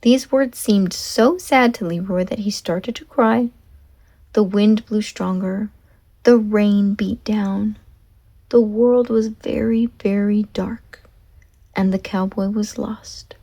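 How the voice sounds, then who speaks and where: Slow, expressive woman storyteller. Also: medium pitch. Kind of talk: children's read-aloud narration.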